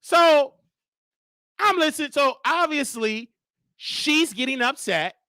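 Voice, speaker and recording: A man's voice: very high-pitched, takes it slowly, dry recording, clean studio sound. A man hosting a show, telling a story in casual commentary and animatedly acting out the exchanges he describes. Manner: animated, acts out quoted exchanges. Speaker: host.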